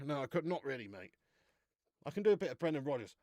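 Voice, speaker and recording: A man's voice: on the high side, lively intonation, fast talker, a little mellow, no room sound, clean studio sound. A man hosting a live beer-review stream, chatting casually, laughing often and calling his viewers mate.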